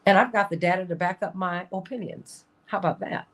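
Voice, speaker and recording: A woman's voice: on the low side, fairly quick, fairly bright tone. A woman hosting a talk show, talking casually and emphatically, repeating her points and laughing often.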